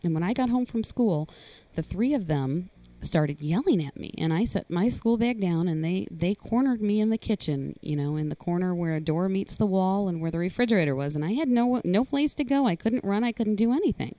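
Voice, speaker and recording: A woman telling a hard personal story in a conversation, earnest and halting. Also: lively intonation, mellow, no echo. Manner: earnest, halting, rises in pitch when voicing others. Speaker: guest sharing personal story.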